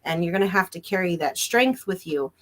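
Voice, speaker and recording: A woman's voice: on the low side, lively intonation, a bit bright. Reassuring woman giving a psychic reading. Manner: reassuring, drawn-out emphatic phrasing. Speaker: psychic reader. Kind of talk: live-stream psychic reading.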